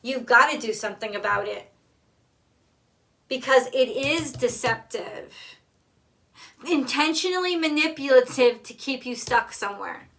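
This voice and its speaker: Tarot reader, woman, bright higher voice, blunt and emphatic, swears freely. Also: animated, measured pace, creaky, pauses often. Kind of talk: casual tarot card reading.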